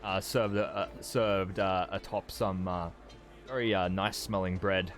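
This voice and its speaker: A man's voice: deep voice, steady tone, unhurried, faint music behind. A man narrating as game master of a tabletop game, describing scenes in a rambling way with many ums and restarts.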